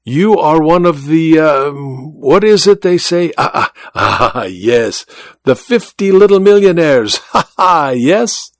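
A showy blind magician with a lofty, sweeping delivery, as a male narrator puts him on. The voice rides higher than plain speech and swings widely in pitch, sly and self-important. The sound is close and dry, with no room around it. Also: lively intonation, a little slow, dry recording. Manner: flamboyant and grandiose, with sly asides. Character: grand, theatrical blind male stage magician. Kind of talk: audiobook character voice.

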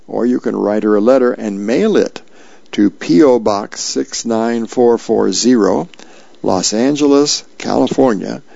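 Male radio reader, low and gravelly, casual delivery, dull lo-fi sound. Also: warm tone, no echo. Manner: casual, with fillers. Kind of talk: reading newspaper columns and comics aloud.

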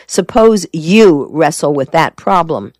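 A woman reading a shrewd male defense lawyer from a storybook, calm and measured, who deflects every question with dry composure. His voice sits a touch above her own low tone and sounds close and dry. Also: no room sound, heavily acted. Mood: cool. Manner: cool, measured and evasive.

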